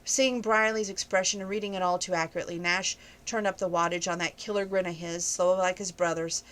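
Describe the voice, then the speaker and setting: A woman reading a romance novel aloud at an even pace, now and then noting page numbers. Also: lowish voice, a little fast, smooth, low-quality recording. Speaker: book reviewer reading aloud.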